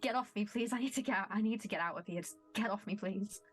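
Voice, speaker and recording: A woman voicing a frightened young female violinist who pleads in a shaky, halting voice. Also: medium pitch, faint music behind, voice pushed down, lightly acted. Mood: pleading.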